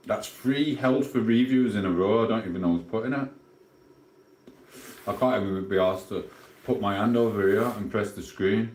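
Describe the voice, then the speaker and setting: A man's voice: on the low side, darkish tone, reverberant, a little hiss or hum, low-quality recording. A man chatting casually on a live stream, reading viewers' messages aloud and answering them bluntly and offhand. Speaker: livestreamer.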